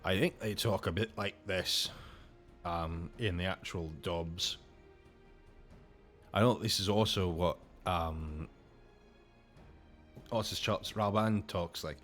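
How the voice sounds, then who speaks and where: A man's voice: deep voice, slow, long pauses, fairly bright tone, faint music behind. A man casually commenting while he plays a game, chatty and self-interrupting. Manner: chatty, self-interrupting, playful about accents. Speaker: game streamer.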